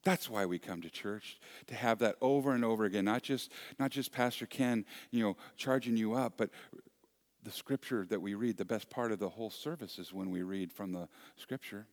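A man preaching a sermon as pastor, earnest and repetitive, moving between soft near-whispers and loud emphasis. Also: fairly low pitch, moderate pace.

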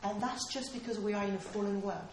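A woman's voice: medium pitch, steady tone, quick pace, a little hiss or hum. Woman preaching earnestly in an echoey hall. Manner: earnest, emphatic, repeats key phrases. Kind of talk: sermon. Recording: roomy hall echo.

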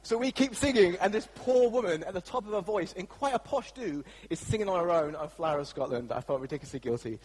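Husky English pastor in echoing hall. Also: male voice, high-pitched, animated, fast talker, few pauses, a little mellow. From England. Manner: chatty and anecdotal, with fillers. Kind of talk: sermon.

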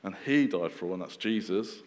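A man in his thirties preaching a sermon in a relaxed, conversational way, with fillers and restarts. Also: low voice, a little fast, in a large hall.

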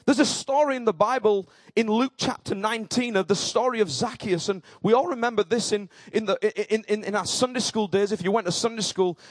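A male pastor preaching a sermon in an emphatic style that rises to shouts. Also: very high voice, dry recording.

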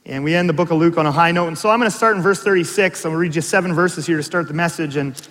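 The sound is that of a big room as a pastor races through his sermon in a voice on the high side. He tells stories animatedly, breaking off for asides and quizzing his congregation.

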